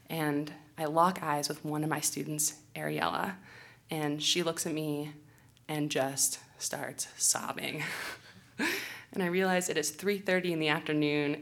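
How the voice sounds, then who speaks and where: Animated young woman telling a story. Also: low-pitched. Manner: animated, self-mocking, laughing often. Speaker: outdoor educator. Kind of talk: storytelling talk on stage. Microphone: handheld or stage microphone.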